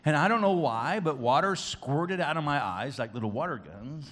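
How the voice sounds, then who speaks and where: A man leads a children's church service, his voice swinging widely from high shouts to quiet, earnest talk. The tone is bright and forceful, somewhat high for a man. He plays to a room of kids, teasing and coaxing them. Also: lively intonation, moderate pace, slight background noise. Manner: booming and playful with the kids, dropping to soft and earnest. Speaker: children's pastor. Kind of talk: lively children's church sermon.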